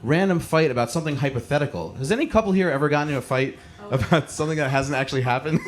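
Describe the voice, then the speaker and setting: Rapid-fire and fairly high-pitched, this comedy show host from the American suburbs spins stories for a live crowd into a handheld microphone. Soft music plays in the background as he pads his talk with fillers and laughs at his own jokes.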